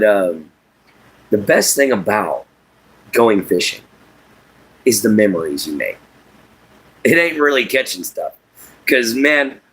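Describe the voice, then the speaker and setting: A man's voice: lowish voice, a bit bright, husky. A man hosting a casual livestream, rambling in a folksy way, laughing often as he reads and answers viewer chat.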